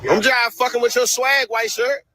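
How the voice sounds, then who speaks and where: A man's voice: extremely high pitch, steady tone, moderate pace, bright, forceful tone, no echo, rough recording. A man filming on a city street with a phone, taunting and mocking people repetitively.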